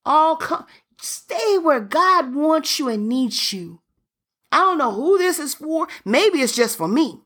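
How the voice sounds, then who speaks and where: A woman preacher delivers a fervent sermon in a somewhat high voice. Her pitch swings widely from line to line, and she takes her time over the words. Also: very animated, slow pace, fairly bright tone. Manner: fervent, reads scripture aloud with interjections.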